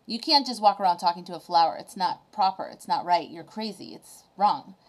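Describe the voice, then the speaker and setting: A woman voicing an angry disapproving crowd that scolds and chants loudly. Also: on the low side, animated, brisk. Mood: scolding.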